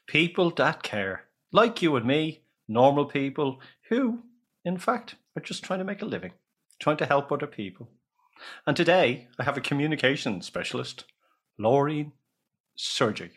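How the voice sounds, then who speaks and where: A man's voice: fairly high pitch, big pitch swings, normal speed, husky. A middle-aged man with an Irish accent hosting a radio interview in a chatty, rambling, jokey manner. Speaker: radio host. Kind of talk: casual radio interview chat.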